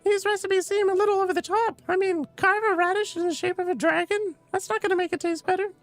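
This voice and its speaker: A man's voice: very high-pitched, fairly even intonation, quick pace, a bit bright, no room sound, soft background music, voice pushed up. A man voicing a small, cheerful childlike alien boy who cooks, talking eagerly and curiously. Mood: chirpy.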